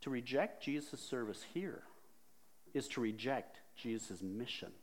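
A male pastor giving a sermon in a plain, middle-pitched voice. He keeps it conversational and asks his congregation questions as he explains. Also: lively intonation, measured pace, a little hiss or hum.

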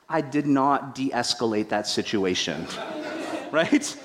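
Animated, self-deprecating male pastor preaching. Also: mid-range voice, slow. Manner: animated storytelling with acted-out quotes. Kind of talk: sermon.

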